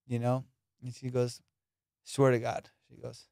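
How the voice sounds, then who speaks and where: Smooth-voiced comic telling stories. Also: male voice, medium pitch, unhurried, long pauses, no room sound, clean studio sound. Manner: animated, profane, laughs through his stories. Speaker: comedian host. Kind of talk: casual podcast storytelling.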